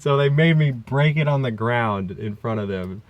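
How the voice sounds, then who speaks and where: A man's voice: mid-range voice, animated, normal speed, no room sound. A man telling a rambling, profane story in a casual vlog, recorded on a phone in a car. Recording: dull lo-fi phone audio, traffic noise.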